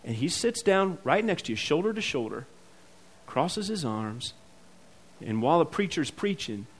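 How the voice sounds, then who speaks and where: A high-pitched man delivers a sermon in a church sanctuary. He talks to the congregation like a conversation, acts out the people in the scripture, and then presses hard at the key points. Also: big pitch swings, moderate pace. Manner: conversational preaching, acts out quoted voices, builds to emphatic peaks. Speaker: pastor.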